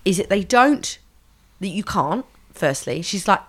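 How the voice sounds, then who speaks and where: A woman from England in casual podcast chat, animated and swearing freely as she mimics singers. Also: medium pitch, unhurried. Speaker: podcast co-host.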